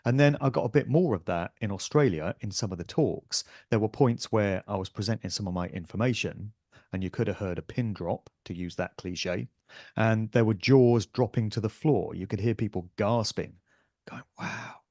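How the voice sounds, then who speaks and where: A man's voice: on the low side, normal speed, darkish tone, no room sound, studio quality. A man guesting on a podcast interview, talking in an earnest, emphatic way as an author and speaker.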